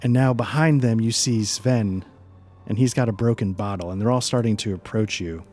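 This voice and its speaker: A man narrating as game master, relaxed and hesitant, with frequent fillers. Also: lowish voice, moderate pace.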